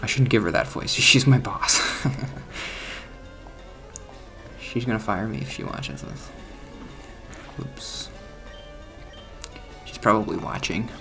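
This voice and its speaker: A man's voice: on the low side, measured pace, creaky, long pauses, sharp tone, faint music behind. A man talking casually over gameplay, rambling and self-deprecating, often trailing off, restarting and chuckling at himself. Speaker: gaming channel host.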